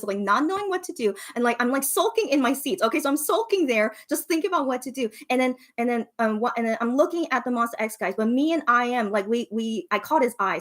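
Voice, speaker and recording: A young woman with a high-pitched voice tells a personal story in an easy, chatty way. She stumbles and restarts, scatters "like" and "you know" through her sentences, and gets animated as the story builds. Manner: animated, filler-heavy, frequent 'you know' and 'okay'. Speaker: fan telling a story. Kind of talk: casual storytelling chat.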